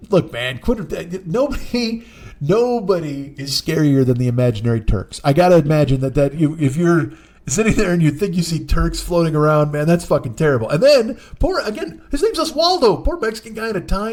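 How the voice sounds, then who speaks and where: A man in his forties tells a rambling, profane comic story on his own podcast. His voice sits a little high and jumps around as he gets worked up. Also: big pitch swings, a little fast, darkish tone. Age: 40s. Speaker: podcast host, comedian.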